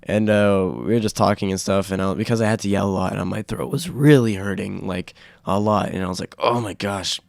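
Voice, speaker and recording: A young man hosting a casual solo podcast, rambling with fillers and restarts, his throat sore from yelling. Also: on the low side, fairly even intonation, a little fast, creaky, dry recording. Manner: rambling, full of fillers and self-corrections. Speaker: podcast host.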